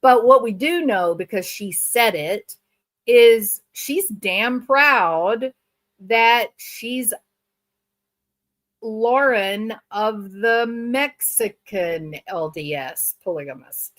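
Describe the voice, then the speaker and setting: Slow, mocking woman commentator. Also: a little high, expressive, a bit bright. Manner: mocking, theatrical, drawn-out emphasis. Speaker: co-host reacting to a video. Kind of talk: sarcastic commentary.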